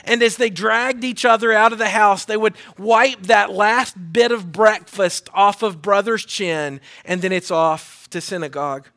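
A man preaching to his congregation in a church sanctuary, his voice sitting high for a man. He reads scripture and then preaches in an earnest, measured way, drawing call-and-response from the congregation. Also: steady tone, vocal fry, bright, forceful tone. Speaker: pastor. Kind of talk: sermon with scripture reading.

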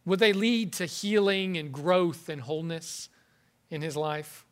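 High-voiced earnest male preacher. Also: a bit bright. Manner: earnest, halting, with frequent word repetitions. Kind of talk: sermon.

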